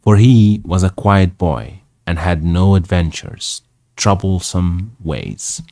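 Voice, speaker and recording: Deep-voiced man reading a novel aloud slowly. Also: lively intonation, warm tone, no echo, clean studio sound. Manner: pauses to check and repeat the pronunciation of words. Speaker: English teacher.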